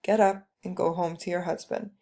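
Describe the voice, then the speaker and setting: A stern, traditional mother lays down the rules in a firm, lecturing tone, voiced by a woman reading a story aloud. The voice is low in brightness and carries a gravelly edge. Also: flat delivery, moderate pace.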